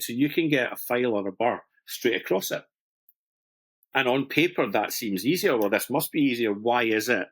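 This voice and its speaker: In a mid-range voice, a middle-aged master stone setter walks through a jewellery technique conversationally, self-deprecating and prone to restarting sentences and using fillers.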